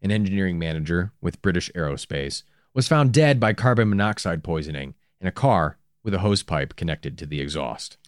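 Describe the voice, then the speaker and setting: Lively, wry true-crime podcast man. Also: low voice, fairly quick, clean tone, no room sound, clean studio sound. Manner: storytelling, wry asides. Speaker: podcast co-host.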